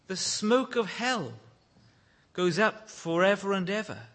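A man preaching a sermon with a high, bright voice. He speaks slowly and earnestly, and swells to loud exclaims when he quotes lines of praise. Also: big pitch swings. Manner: leads prayer in a hushed, low voice.

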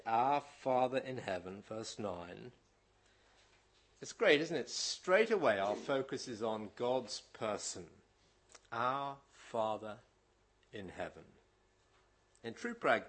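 Animated bright-voiced male preacher. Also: medium pitch, breathy edge. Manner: animated, emphatic, conversational with hesitations. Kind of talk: sermon.

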